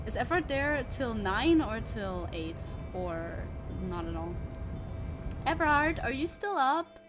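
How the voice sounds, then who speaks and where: A woman streamer giving casual gameplay commentary, chatty and giggly, thinking aloud. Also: a little high. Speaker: VTuber streamer.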